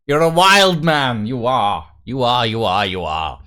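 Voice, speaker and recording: Slow-talking playful male streamer. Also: medium pitch, big pitch swings, bright, forceful tone. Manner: playful, rambling, mutters while writing. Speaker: livestream host. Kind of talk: casual livestream chat.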